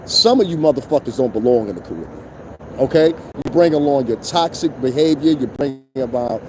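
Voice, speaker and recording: Give me a blunt, profane male host talking at mid pitch, with faint car noise outdoors behind him. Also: lively intonation, moderate pace. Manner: blunt, profane, rhetorical asides to listeners. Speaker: show host. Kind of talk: unscripted commentary rant.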